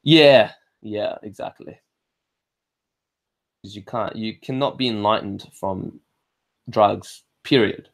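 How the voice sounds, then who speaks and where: Slow and full of long pauses, a lowish-voiced Australian man chats casually on his livestream. He rambles and swears freely, often starting sentences over, and he answers viewer comments by reading them aloud first.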